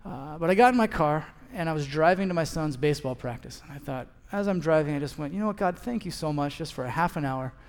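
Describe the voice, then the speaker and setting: A man's voice: fairly high pitch, lively intonation, quick pace, hardly any pauses. A man in his thirties preaching a sermon as a pastor, telling a story and acting out both sides of the conversation. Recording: long hall reverb.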